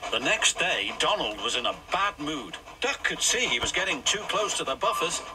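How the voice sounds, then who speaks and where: Animated male storybook narrator over music. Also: a little high, normal speed. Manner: expressive, animated reading.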